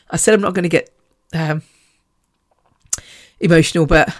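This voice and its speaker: A woman's voice: fairly low pitch, fairly even intonation, moderate pace, long pauses, no echo, studio quality. A woman in her fifties hosting a podcast, talking in a rambling, chatty way, swearing freely and laughing between sentences. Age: 50s. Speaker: podcast host. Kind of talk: casual podcast monologue.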